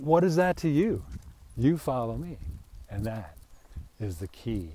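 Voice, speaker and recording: A man's voice: fairly low pitch, mellow. Man, casual rambling bible talk, irreverent asides, faint outdoor hiss.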